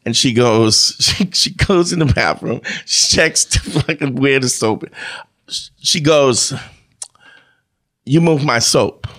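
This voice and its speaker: A man's voice: mid-range voice, animated, a little slow, fairly bright tone. A man in casual chat, telling a profane story with lots of acted-out dialogue.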